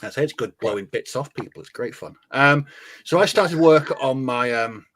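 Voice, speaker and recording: A man's voice: medium pitch, lively intonation, normal speed, a bit bright. Self-mocking male co-host, enthusiastic. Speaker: podcast co-host. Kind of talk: casual chat about games and models.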